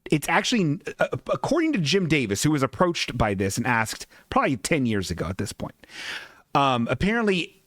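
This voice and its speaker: A man's voice: on the high side, huge pitch swings, brisk, fairly bright tone, dry recording, clean studio sound. A man hosting a comedy podcast, rambling, profane and laughing often as he describes comic strips. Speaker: podcast host.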